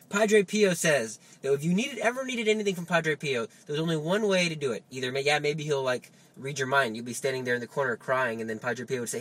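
A man giving a lively Catholic teaching talk, full of rhetorical questions and coaxing asides. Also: medium pitch, fast talker. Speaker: Catholic speaker. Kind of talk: spoken religious teaching.

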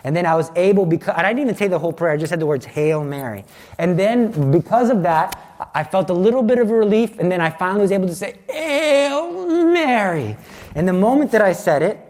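A man's voice: sits high, fairly quick, darkish tone. A man giving a personal faith testimony as a Catholic speaker, telling his story in an earnest, dramatic way.

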